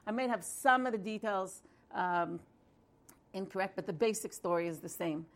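A woman's voice: medium pitch, moderate pace. A woman telling a story in a conversational way, with fillers and restarts. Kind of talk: storytelling talk.

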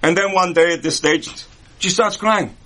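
A man's voice: high-pitched, moderate pace, pushed and bright. A man teaching a Kabbalah lesson in a conversational way, with humorous asides and rhetorical questions. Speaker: Torah teacher. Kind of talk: Kabbalah lecture.

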